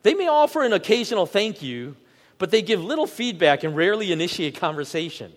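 Pastor preaching in a reverberant hall. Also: male voice, sits high, big pitch swings. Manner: earnest, measured reading with slowed emphasis. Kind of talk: sermon with scripture reading. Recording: long reverb of a church hall.

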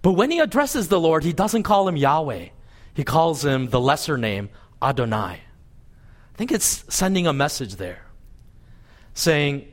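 A man preaching a sermon as pastor, retelling a scripture story with lively, animated delivery. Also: measured pace. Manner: animated storytelling, voicing God and Moses with lively pitch swings. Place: church service.

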